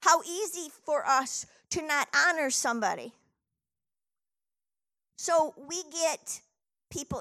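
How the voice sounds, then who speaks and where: A middle-aged woman delivering a sermon with a high, bright voice. She retells a scripture story with lively energy and reads the old verses aloud between her own remarks. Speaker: preacher.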